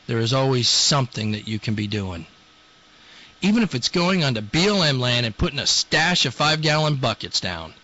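A man's voice: medium pitch, sharp tone, highs cut off. A man hosting a talk show, delivering a blunt, scolding monologue. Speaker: radio show host.

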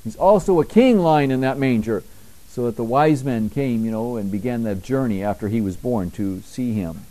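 Mellow-voiced male pastor preaching in church, reads scripture slow and emphatic, talks quieter and casual in between. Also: poor audio. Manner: reads scripture slowly and emphatically, rising in pitch and volume; conversational asides, dropping quieter between readings. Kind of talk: sermon.

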